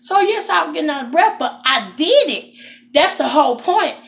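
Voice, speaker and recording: A woman with a drawl tells a casual storytime straight to camera, her voice sitting a little high. She talks in an animated, indignant way and keeps turning to her viewers. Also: normal speed, creaky. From Texas. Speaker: vlogger.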